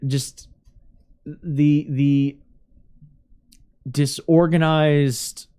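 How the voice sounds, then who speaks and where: A man narrating a tabletop role-playing scene as game master, describing the setting in a halting, searching way. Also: fairly high pitch, flat delivery, mellow, clear, resonant tone.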